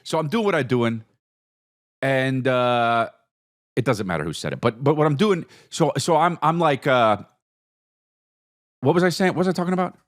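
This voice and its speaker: A man's voice: medium pitch, lively intonation, normal speed, pauses often, a bit bright. A man hosting a podcast, rambling through a profane, comedic solo monologue that jumps between topics. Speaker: podcast host.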